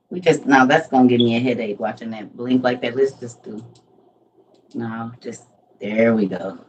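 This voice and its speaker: Brief: middle-aged woman, livestream host, unhurried delivery, warm laughing storyteller at home. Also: very deep voice, a little hiss or hum, rough recording. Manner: animated storyteller, laughs often. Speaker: livestream host and Bible teacher. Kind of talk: casual chat before a message.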